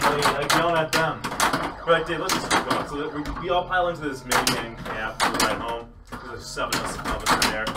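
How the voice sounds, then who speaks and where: A man's voice: a little high, reverberant. A man hosting a casual livestream chat, telling a long story with many fillers and frequent laughs. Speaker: show host. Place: pinball arcade or game room. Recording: distant mic, loud arcade noise.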